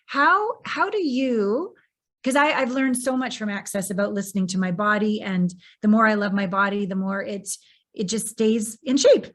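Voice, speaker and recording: A woman's voice: medium pitch, normal speed, a bit bright. A woman hosting a podcast interview, talking in an effusive, searching way as she shares and asks questions. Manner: effusive and searching, full of "like" and restarts. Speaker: podcast host. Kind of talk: casual interview conversation.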